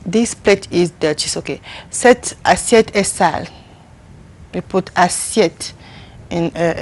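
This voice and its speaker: A woman teaching French pronunciation on a TV segment, slowly repeating words for viewers to echo. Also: lowish voice, a little hiss or hum. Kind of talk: TV language lesson.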